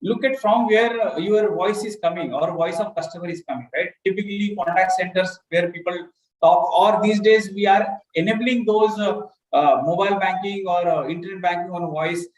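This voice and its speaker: A man's voice: high-pitched, normal speed. A man speaking on a banking panel, listing points loosely and often adding "right?". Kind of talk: panel discussion. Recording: roomy echo.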